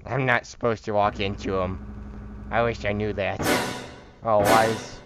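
A man's voice: lowish voice, steady tone, normal speed, a bit bright, soft background music. A man giving casual, joking commentary while playing a horror game, rambling and chatting to the things on screen. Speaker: horror game let's-player.

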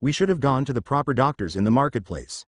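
Man reading a brash male thug, blustering, lively pitch, dry sound. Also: fairly quick, no echo. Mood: aggressive. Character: aggressive bare-chested male thug.

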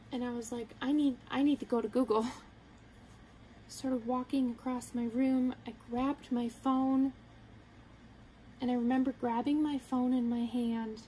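A young woman with a fairly high, mellow voice tells a personal story straight to the camera. She talks in an earnest, halting way and quotes her own thoughts along the way. A faint hiss sits under the recording. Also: low-quality recording. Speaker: vlogger.

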